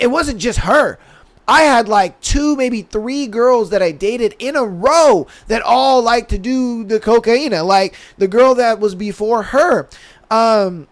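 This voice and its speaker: A young man hosting a podcast, telling stories in casual, animated, slangy chat and acting out quoted lines. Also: sits high, clear, resonant tone. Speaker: podcast host.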